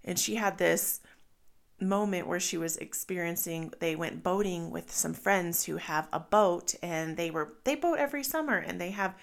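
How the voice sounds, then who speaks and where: A mother in her thirties speaks with a candid, reflective openness, her voice sitting a little low with a gravelly edge of fry. She tells her stories plainly, as if sharing with a friend. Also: normal speed. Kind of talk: personal vlog monologue.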